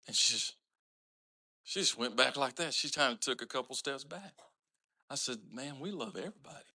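A man's voice: medium pitch, expressive, moderate pace, pushed and bright. A man preaching a sermon as pastor, driving his points home with rising emphatic lines and slipping into plain storytelling between them.

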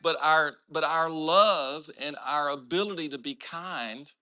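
A man's voice: on the high side, measured pace, pushed and bright, clear, resonant tone. A man preaching a sermon as pastor, driving his points home with rising emphatic lines and slipping into plain storytelling between them.

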